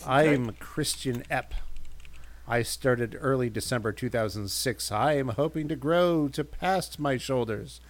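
A man's voice: mid-range voice, unhurried. A man co-hosting a comedy podcast, reading a forum profile in a mock-sincere way.

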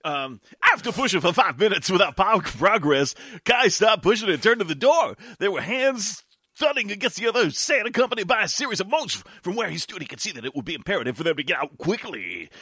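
A man co-hosting a comedy podcast, giving a comedic dramatic reading with bursts of shouting. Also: sits high, big pitch swings, a little fast, husky, no echo, clean studio sound. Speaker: podcast co-host reading aloud.

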